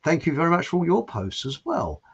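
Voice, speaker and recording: A man's voice: a little high, sing-song, fairly quick, slightly rough, soft background music. Rambling, chatty male stream host. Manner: rambling and chatty, loose restarts, chuckles. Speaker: livestream show host. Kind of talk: casual chat, reading out viewer comments. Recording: dull lo-fi stream audio.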